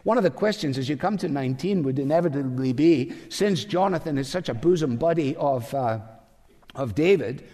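A man's voice: on the high side, animated, moderate pace, warm tone. A man preaching a sermon as pastor, emphatic and full of rhetorical questions. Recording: long hall reverb.

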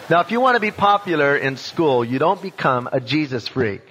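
A man telling a personal testimony, animated and acting out voices and sounds from his story. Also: fairly high pitch, brisk, few pauses, a little hiss or hum. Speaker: speaker giving a testimony. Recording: dull sound in a reverberant hall.

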